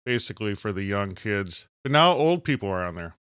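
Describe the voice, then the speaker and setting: A man's voice: on the low side, big pitch swings, a little fast, fairly bright tone, clean tone, dry recording, clean studio sound. A man co-hosting a podcast in casual comedic chat, joking and slipping into silly voices now and then. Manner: jokey, drops into silly put-on voices. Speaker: podcast co-host.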